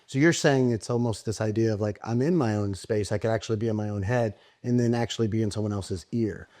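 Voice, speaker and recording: A man's voice: fairly low pitch, fast, a little mellow. A man hosting a coaching podcast, talking loosely and thinking aloud with many fillers. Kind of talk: conversational interview.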